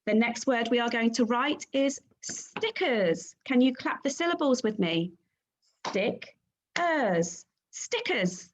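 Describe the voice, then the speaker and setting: A woman teaching a phonics lesson to young children, sounding out letters and syllables clearly and praising the class. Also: a little high, lively intonation, unhurried, few pauses, a little hiss or hum. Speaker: primary school teacher.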